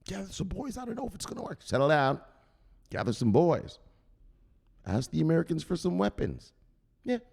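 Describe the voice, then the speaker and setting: A man putting on the voice of an unflappable, laid-back male stoner who calms others down with slangy, drawling talk. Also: a little high, moderate pace, vocal fry, long pauses, voice pushed up, heavily acted.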